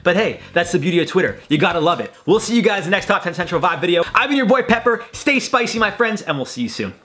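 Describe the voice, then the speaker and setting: A man's voice: high voice, sing-song, fast, a bit bright, slight background noise. A young man hosting a casual reaction video, rambling and swearing through his commentary. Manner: chatty, swearing, rambling with lots of likes. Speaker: host.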